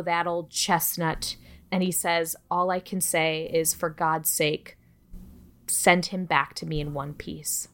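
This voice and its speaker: A woman with a somewhat low voice tells a true-crime story on a podcast. She keeps it casual and chatty, cursing freely and slipping in joking asides. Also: a bit bright. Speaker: podcast co-host.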